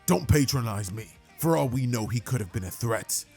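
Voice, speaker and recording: A man's voice: mid-range voice, lively intonation, normal speed, vocal fry, faint music behind. A man doing an arrogant, curt warrior. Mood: contemptuous. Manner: curt, dismissive, loud. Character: arrogant, hot-tempered adult male warrior.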